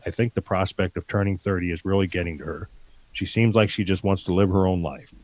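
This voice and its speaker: A man's voice: deep voice, steady tone, fairly quick, a little mellow. A man co-hosting a podcast, reading out a listener letter and giving blunt, crude answers in casual chat. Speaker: podcast co-host.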